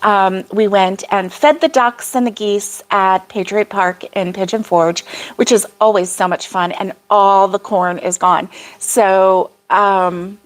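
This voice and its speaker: A woman's voice: medium pitch, steady tone, takes it slowly. An older woman hosting a casual crochet livestream, rambling about her week with frequent laughs and reading viewer comments aloud. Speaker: crochet vlog host.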